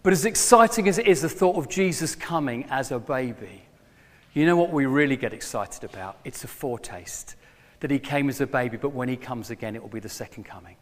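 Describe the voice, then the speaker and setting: A middle-aged man preaching a sermon to his former church, telling a story with lively bursts when he plays a character. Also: mid-range voice, brisk. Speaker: former pastor, guest preacher. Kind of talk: sermon with a joke. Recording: long hall reverb.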